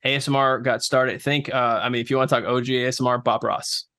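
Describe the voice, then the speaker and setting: A man guesting on a podcast, talking in a relaxed, explanatory way with plenty of fillers. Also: medium pitch, fast, no echo, studio quality. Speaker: podcast guest, ASMR creator. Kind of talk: casual podcast chat.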